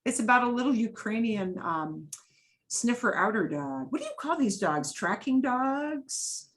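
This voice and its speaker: A middle-aged woman leads a Spanish class in an easy, chatty way. She explains steps, models phrases with rising and falling intonation, and checks in with quick Spanish words. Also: a little high, very animated, poor audio. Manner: chatty, sprinkles Spanish checks like vale and bien. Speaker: Spanish teacher. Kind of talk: casual classroom instruction.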